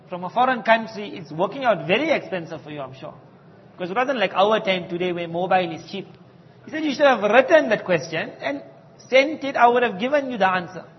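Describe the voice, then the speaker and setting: A man telling a story in a sermon, animatedly acting out the quoted dialogue of the people in it. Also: high-pitched. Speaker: preacher. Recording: dull audio with long hall reverb.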